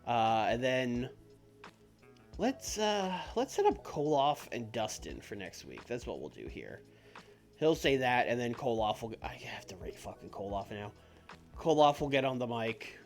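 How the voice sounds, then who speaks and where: A man's voice: mid-range voice, sing-song, measured pace. A man streaming a game, talking casually and offhand, thinking aloud and swearing now and then. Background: faint background music.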